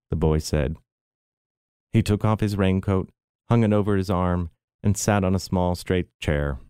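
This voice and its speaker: A middle-aged man giving a measured, expressive literary reading. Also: deep voice, smooth, no room sound, studio quality. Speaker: reader.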